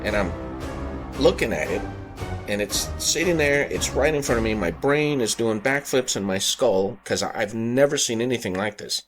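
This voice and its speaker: A man hosting a podcast, telling a personal paranormal story in an earnest, halting way, often circling back to rephrase himself. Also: medium pitch, expressive. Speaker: podcast host. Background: background music.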